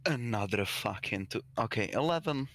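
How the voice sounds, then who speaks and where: A man's voice: on the low side, expressive, moderate pace, a bit bright. A man playing a tabletop game, doing a put-on Slavic accent and swearing now and then. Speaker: player.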